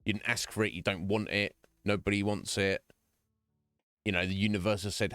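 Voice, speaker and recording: A man with a low, deep voice talks earnestly to his stream chat, rambling and restarting his sentences as he goes. The sound is dry and close, with no room echo. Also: fairly even intonation, brisk, a bit bright, clear, resonant tone, faint music behind. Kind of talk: casual chat.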